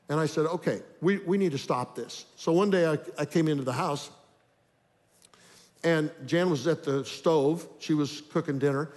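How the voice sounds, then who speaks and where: A man's voice: a little high, darkish tone. An older man telling an earnest, story-driven sermon about marriage. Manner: earnest, acts out inner thoughts in story. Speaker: preacher on marriage. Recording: long reverb of a large hall.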